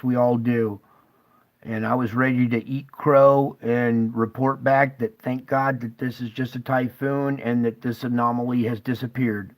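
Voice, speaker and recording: A man's voice: mid-range voice, rough recording. A man hosting his own channel, speaking urgently and emotionally straight to his viewers, tearful at times. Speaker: channel host.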